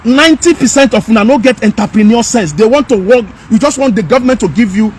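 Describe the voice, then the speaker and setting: A man with a strikingly high-pitched voice, ranting in an emphatic, scolding way and hammering the same phrases again and again. He is recorded outdoors, with a faint hum of street traffic behind him. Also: quick pace, a little mellow. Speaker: commentator. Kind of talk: impassioned rant.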